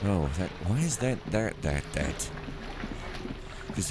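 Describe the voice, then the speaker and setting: This let's player rambles through casual gameplay commentary, ranting and cutting himself off. His voice is low and very animated, and he talks slowly over a noisy background.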